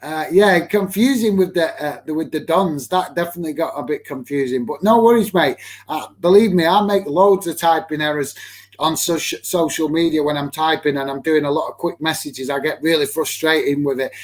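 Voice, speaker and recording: Casting: young Lancashire man, football stream host, rambling friendly chat, slightly high voice. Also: fairly quick. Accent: Lancashire English. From Lancashire, England. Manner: chatty, many fillers and restarts, calls viewers mate. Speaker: football watch-along streamer. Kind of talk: casual live-stream chat reading comments.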